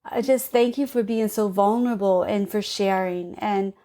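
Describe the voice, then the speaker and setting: A woman hosting a podcast interview, speaking gently and sympathetically. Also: mid-range voice, fairly even intonation, moderate pace. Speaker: podcast host.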